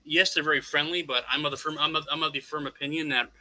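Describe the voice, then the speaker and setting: Talking fast with fairly even intonation, a man with a slightly high, bright, forceful voice rambles through a long story on a podcast in Florida. He's wry and profane and restarts his sentences repeatedly, and the audio is poor.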